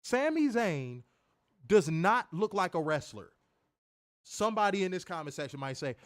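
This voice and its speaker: Man, wrestling show co-host, high voice, lively swings in pitch, profane casual rant. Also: moderate pace. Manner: animated, swears freely, mimics voices, laughs loudly. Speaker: podcast co-host reviewing wrestling.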